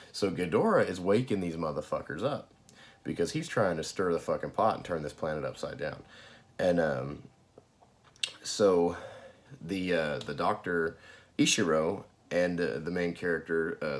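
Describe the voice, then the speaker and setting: A man casually recapping a film, rambling and profane, with frequent fillers and laughs. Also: sits low. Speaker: movie reviewer. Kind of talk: casual spoken movie recap.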